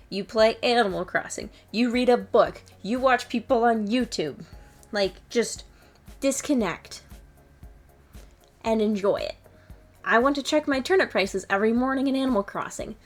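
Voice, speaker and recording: A woman in her twenties giving casual motivational advice to fellow students, candid and self-mocking with some swearing. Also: on the high side. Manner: playfully acts out her own excited lines. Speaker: student vlogger. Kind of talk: casual motivational vlog talk.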